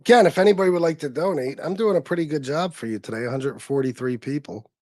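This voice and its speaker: Speaking quickly in a slightly high, somewhat mellow voice, this livestream host keeps things casual, rambling with blunt, crude remarks and plenty of fillers. The sound is clean and studio-like, without echo.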